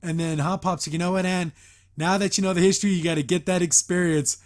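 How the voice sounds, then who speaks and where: A man's voice: high voice, steady tone, fast. A man hosting a casual episode review, rambling with plenty of fillers and frequent chuckles as he recaps. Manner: chuckles often while recapping. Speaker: host.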